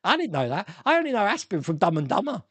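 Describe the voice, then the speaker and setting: A man's voice: high-pitched, wildly swooping pitch, quick pace, slightly rough, no room sound. A middle-aged man hosting a casual live stream, chatting, laughing often, and reading viewer comments aloud. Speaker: host.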